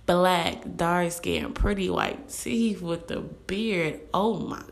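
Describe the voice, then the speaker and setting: Blunt animated young woman ranting. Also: fairly low pitch, gravelly. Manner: animated, blunt, fast-talking with quoted asides. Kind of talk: casual rant to camera.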